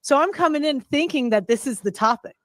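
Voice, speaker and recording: Sex: woman. Role: panel guest. Style: heated panel discussion. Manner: exasperated, defensive. Pitch: somewhat high. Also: expressive, a little fast, no room sound.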